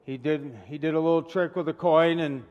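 Male pastor, casual chatty sermon style, fairly high voice, long church reverb. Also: fairly even intonation, brisk, lo-fi sound. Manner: chatty, asks the congregation questions. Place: church sanctuary.

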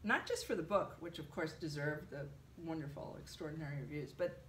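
A woman being interviewed, telling an animated story with lots of fillers. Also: low-pitched, fairly quick, reverberant, slight background noise. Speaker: translator, interviewee. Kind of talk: conversational interview.

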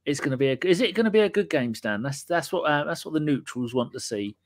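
A man hosting a chatty podcast, his voice sitting a bit high and bouncing all over the place as he jokes. His banter is cheeky and often sweary. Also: expressive, fast talker. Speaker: podcast host. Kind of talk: casual live-stream chat.

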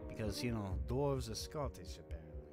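A man's voice: on the low side, lively intonation, brisk, loud music behind the voice. A male host giving rambling, sarcastic let's-play commentary, swearing casually.

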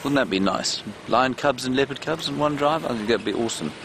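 A man's voice: mid-range voice, lively intonation, brisk, vocal fry, noisy background. A man hosting a live safari game drive, chatting and answering viewer questions as he drives outdoors with a clip-on mic. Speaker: safari guide and live show host. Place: open safari vehicle outdoors. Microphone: clip-on mic, sometimes slipping.

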